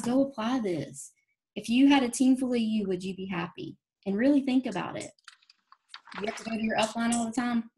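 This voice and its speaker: A woman speaks on a team call. She gives a folksy, earnest pep talk, moving quickly from point to point. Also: mid-range voice. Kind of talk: motivational talk. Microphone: phone or call audio.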